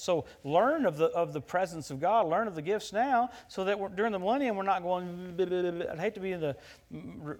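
A middle-aged man from the United States preaching a sermon, telling stories in an animated way that turns loud at the punchlines. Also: on the high side. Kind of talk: sermon with personal story.

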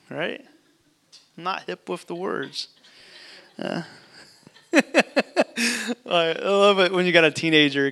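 A man preaching a casual sermon, reading scripture aloud and adding relaxed, joking asides. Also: on the high side, measured pace, long pauses, smooth. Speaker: pastor.

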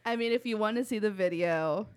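A woman's voice: mid-range voice, fairly quick, clear, resonant tone. A young woman co-hosting a loose, gossipy chat. She talks in a rambling, chatty way, full of fillers. She laughs often. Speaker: podcast co-host. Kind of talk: casual chat.

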